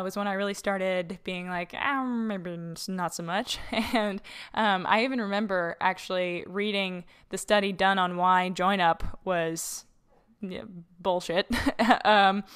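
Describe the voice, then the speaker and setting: Chatty young woman with a smooth voice. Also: medium pitch, a bit bright. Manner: chatty, laughs often, frequent fillers. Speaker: podcast host. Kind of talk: casual solo podcast. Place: borrowed house, slightly echoey room. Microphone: own podcast mic.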